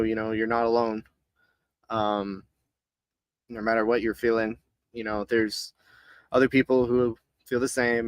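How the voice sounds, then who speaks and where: A man co-hosting a livestream, laid-back and halting in casual chat. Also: on the low side, no echo. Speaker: livestream co-host.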